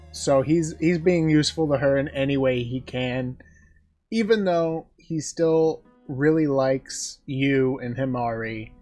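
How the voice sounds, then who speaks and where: Man, anime reviewer, casual recap, excitable fan, middle pitch, chuckling, faint music behind. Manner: excitable, chuckling fan talk with acted quotes.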